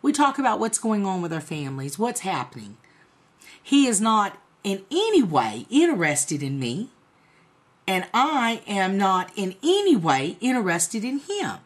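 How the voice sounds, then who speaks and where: Middle-aged woman, casual vlog storytelling, blunt and profane, mid pitch. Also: unhurried. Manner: blunt, profane, animated retelling. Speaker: vlogger.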